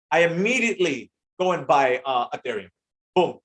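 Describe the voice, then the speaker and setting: Energetic man hosting a trading stream. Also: a little high, normal speed. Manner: energetic, slangy, hypes up viewers by name. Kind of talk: live-stream Q&A reading chat comments.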